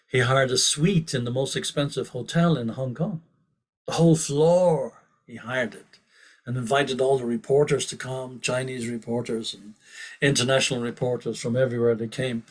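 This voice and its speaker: A man giving a scripture class as a sermon, telling stories in an animated way and often restarting his sentences. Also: medium pitch. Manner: animated, quotes with rising force, frequent restarts. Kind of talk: sermon with storytelling.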